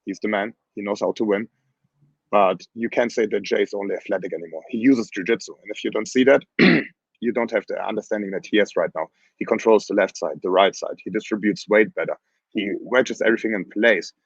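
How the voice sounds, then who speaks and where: Hoarse coach guy, lowish voice, blunt and lively, dull dry video call sound. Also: a little fast, no echo. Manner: animated, blunt, plain phrasing. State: hoarse from screaming. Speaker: grappling coach. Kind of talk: casual interview talk.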